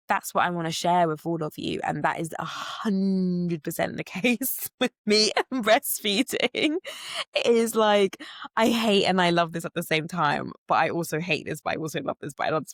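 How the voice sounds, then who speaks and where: A woman's voice: fairly low pitch, no echo, studio quality. A woman hosting a solo podcast, telling personal stories in a candid, chatty way with lots of casual fillers. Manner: chatty and candid, with many "like" and "you know" fillers. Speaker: podcast host.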